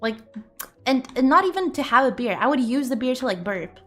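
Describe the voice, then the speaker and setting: A woman's voice: sits high, big pitch swings, fairly quick, fairly bright tone, faint music behind. A woman streamer chatting casually and playfully with her viewers, rambling and joking crudely.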